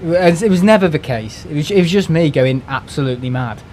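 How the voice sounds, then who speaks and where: A man's voice: fairly high pitch, animated, fast, a little mellow, slight background noise. Rambling man venting on a stream. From United Kingdom. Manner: rambling, restarts words, swears, exasperated. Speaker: live streamer. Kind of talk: casual ranting chat.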